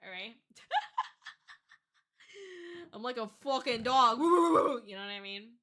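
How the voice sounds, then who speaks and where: A woman's voice: a little high, big pitch swings, takes it slowly, very noisy. A young woman chatting on a livestream as a VTuber, laughing often and swearing casually. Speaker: VTuber streamer.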